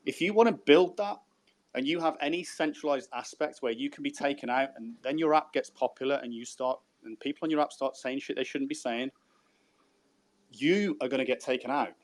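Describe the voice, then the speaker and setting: This is a man co-hosting a relaxed podcast conversation. He talks in an animated way, swears freely and restarts his phrases. His pitch sits in the ordinary middle range for a man. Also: brisk. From Birmingham, England. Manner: animated, swears casually, repeats words when starting a sentence. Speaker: podcast co-host. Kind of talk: casual podcast chat.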